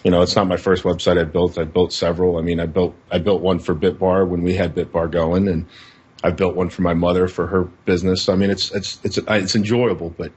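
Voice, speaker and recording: A man co-hosting a podcast in casual chat, halting and repeating words, laughing often. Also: sits low, level tone, a little mellow, breathy edge. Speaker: podcast co-host. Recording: dull lo-fi podcast audio.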